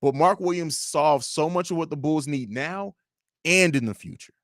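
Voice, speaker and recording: Young man, livestream host, casual chat, animated and profane, slightly high voice, dry close sound. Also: moderate pace, no room sound. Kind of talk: casual livestream chat reading viewer comments.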